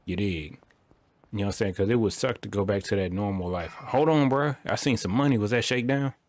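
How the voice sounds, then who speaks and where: A man's voice: fairly low pitch, fairly quick, a little mellow. A young man giving loose, slangy running commentary while playing a video game. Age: young adult. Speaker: gaming streamer. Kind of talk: casual gameplay commentary.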